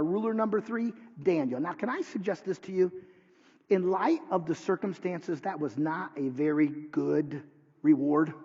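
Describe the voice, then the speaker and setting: A man who is a pastor, preaching a sermon with dramatic swings from hushed lines to near shouts. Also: high-pitched, slightly rough. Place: church sanctuary. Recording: dull sound with long hall reverb.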